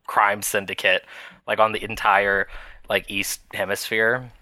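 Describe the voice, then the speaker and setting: A man's voice: fairly low pitch, flat delivery, a little slow, pushed and bright, dry recording. A man co-hosting a podcast in casual chat, rambling with fillers and small laughs. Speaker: podcast co-host.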